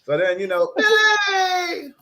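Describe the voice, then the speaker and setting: A man's voice: a little high, a little fast. A middle-aged man telling a childhood story in casual chat, laughing often and acting out the voices of the people in it. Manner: animated, laughing, acts out voices in his story.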